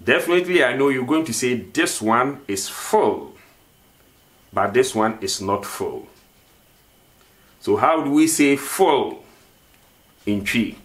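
A man's voice: medium pitch, animated. A man teaching a vocabulary lesson, repeating each word and asking questions for the learner to answer. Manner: slow, repeats words and asks questions. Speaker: language teacher.

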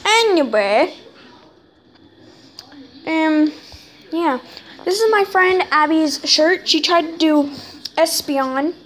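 Talking slowly with long pauses, the sixth-grade girl sounds animated, her high-pitched voice fairly bright in tone. She rambles through a casual home vlog, saying "anyway" to bridge the gaps, and the recording is rough.

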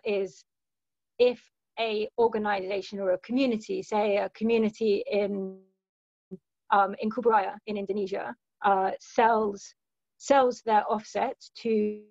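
A woman with a gravelly voice talks through policy questions on a video call, pausing with frequent fillers. The sound is dry and dull, like computer-mic audio. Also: medium pitch, a little mellow, dry recording. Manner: hesitant, many fillers. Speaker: speaker answering questions on a webinar. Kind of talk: casual explanatory talk.

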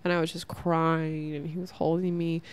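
A woman's voice: deep voice, flat delivery, normal speed. A young woman hosting a casual spiritual podcast, talking in a rambling, heartfelt way and saying "like" a lot. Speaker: podcast host.

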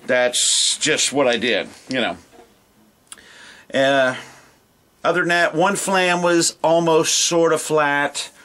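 Laid-back male drum teacher, rambling and self-deprecating, mid pitch. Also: a bit bright. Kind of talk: casual video lesson.

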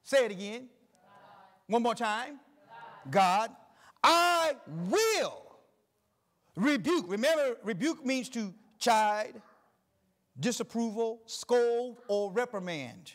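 A middle-aged male pastor preaching a sermon, reading scripture slowly and building emphasis through repetition. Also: very high-pitched, big pitch swings, fairly bright tone.

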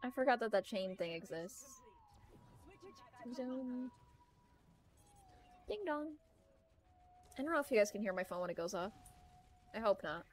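A young adult woman with a mid-range voice talks fast and animatedly, rambling and laughing often as she casually chats during her video game stream.

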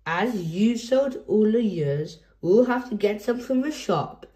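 A woman voicing a calm, practical mother pig in a storybook, sounding matter-of-fact. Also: medium pitch, measured pace, close to an everyday voice. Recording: roomy echo.

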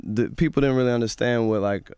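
A young man talks casually as a guest in a radio studio, looping back and restarting as he tells stories. His voice is smooth and clear. The close studio mic leaves it dry. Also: medium pitch, fast, no room sound. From grew up partly in Nigeria and the US. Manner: relaxed, storytelling, many restarts. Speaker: guest musician. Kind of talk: casual radio interview chat.

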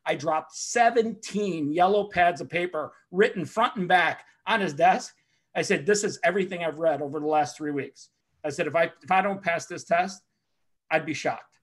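A man telling a personal story in a casual talk, animated and profane, acting out the other people in it and laughing along the way. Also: fairly high pitch, normal speed. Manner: excitable, swears often, acts out other people's lines with shouting and laughter. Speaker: podcast host telling a story.

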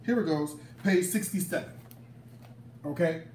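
A man's voice: on the high side, a little slow, a little mellow, distant mic, slight background noise. A man hosting a casual cooking demonstration, chatting to viewers with lots of exclamations as he shows off his cookbook recipes. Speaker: cooking show host and cookbook author. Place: kitchen. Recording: echoey room.

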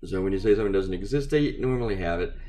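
Man, lowish voice, cartoonist vlog, rambling chat, lots of fillers, sleepy. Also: animated, racing, mellow. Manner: rambling, chatty, with many fillers. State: sleepy, stifling yawns. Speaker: cartoonist vlogger. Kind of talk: casual rambling chat while drawing.

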